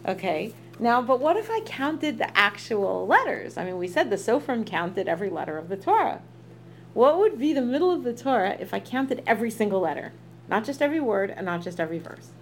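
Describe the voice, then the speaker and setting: A woman's voice: fairly high pitch, very animated, fairly quick, slight background noise. A woman teaching a text study in a chatty way, reading verses aloud and translating them with asides. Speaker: Torah teacher.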